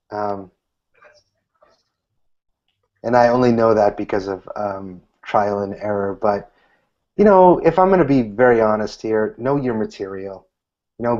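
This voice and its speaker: A man in his thirties, a guest magician, giving casual interview answers and acting out what he says to people in a lifted voice. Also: fairly low pitch. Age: 30s. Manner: animated, acts out quoted lines in a lifted voice. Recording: dull lo-fi recording.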